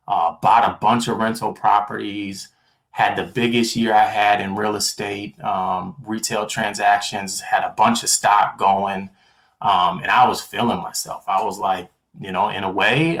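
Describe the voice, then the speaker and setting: A middle-aged man with a somewhat low voice delivers a motivational talk. He hammers home key lines by repeating them and livens up when he acts out remembered conversations. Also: fairly bright tone. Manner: acts out quoted dialogue with livelier voice. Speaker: motivational speaker.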